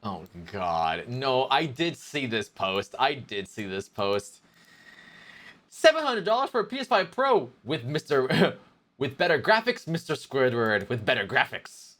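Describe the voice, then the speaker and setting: A man streaming live, chatting casually with his viewers in a rambling, animated way. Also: medium pitch, measured pace. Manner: rambling, animated, talks to chat as "boys".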